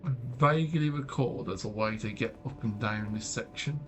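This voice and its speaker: A British man with a slightly scratchy throat, giving low-key, casual live commentary while playing a game, often muttering to himself. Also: normal speed, soft background music. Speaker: game streamer.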